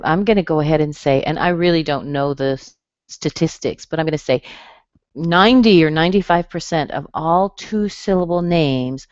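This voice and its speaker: An American woman teaching pronunciation in a webinar lesson, speaking slowly and clearly and modeling sounds. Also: deep voice, no room sound, muffled recording.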